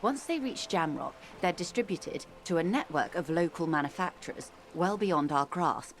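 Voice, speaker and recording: Cast a measured, persuasive corporate negotiator for a game. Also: female voice, lowish voice, animated, a little hiss or hum. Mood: calm, persuasive. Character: cool, calculating corporate woman negotiator. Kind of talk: video game voice acting.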